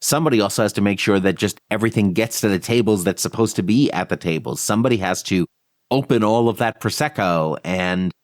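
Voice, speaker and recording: A man's voice: fairly low pitch, fast, dry recording, studio quality. A man hosting a podcast who chats casually and backs his guest with short, encouraging replies. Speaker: podcast host. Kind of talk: casual interview chat.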